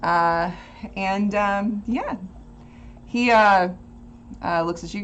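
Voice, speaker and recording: A woman running a tabletop role-playing game, describing scenes in a laid-back, folksy way and laughing often. Her pitch sits in the middle, with faint noise behind her. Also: very slow. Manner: relaxed, laughing, folksy, says y'all. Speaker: game master.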